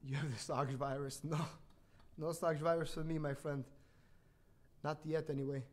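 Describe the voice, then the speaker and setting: Chatty guy reading bedtime stories on a livestream, high voice, teasing jokes. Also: little pitch movement, normal speed, a little mellow. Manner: jokey, chatty, teasing asides. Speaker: host reading a bedtime story. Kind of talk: playful livestream storytelling. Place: home livestream.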